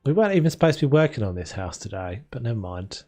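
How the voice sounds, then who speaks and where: A young man streams a renovation game, talking loosely with his viewers and laughing often as he rambles through casual commentary. His mid-range voice is dark in tone, very animated and quick. Faint game music plays behind him.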